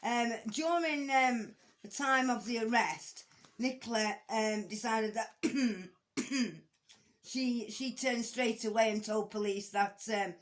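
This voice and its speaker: A true-crime commentator, a woman with a slightly high voice, talks slowly and casually about a court case. Her speech is full of ums and restarts, with blunt, conversational swearing.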